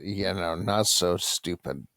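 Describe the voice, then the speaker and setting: A man's voice: low-pitched, takes it slowly, sharp tone, dry recording, studio quality. A man co-hosting a podcast, joking in a laid-back, hesitant way. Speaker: podcast co-host. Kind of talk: casual chat.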